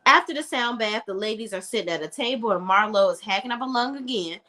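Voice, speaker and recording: A woman's voice: fairly high pitch, animated, fast talker, sharp tone. A woman reviewing a reality show in a casual, blunt, opinionated chat.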